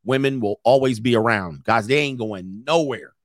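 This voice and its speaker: A man's voice: medium pitch, moderate pace, no echo, clean studio sound. A man in his forties, a relationship coach chatting casually on a livestream, joking and rambling and laughing often. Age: 40s.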